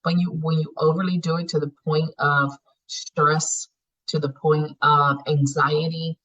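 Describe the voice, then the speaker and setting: In a deep voice with a fairly bright tone, a woman leads a spiritual healing class using casual teaching talk. She's frank and conversational, cursing easily and performing people's inner thoughts. The class audio is muffled and lo-fi.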